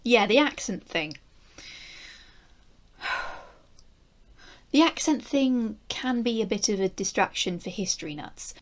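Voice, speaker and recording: A woman's voice: mid-range voice, expressive, takes it slowly, pauses often. A woman with a posh East Midlands English accent, giving a chatty, wry spoken review with asides. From England. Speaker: video reviewer.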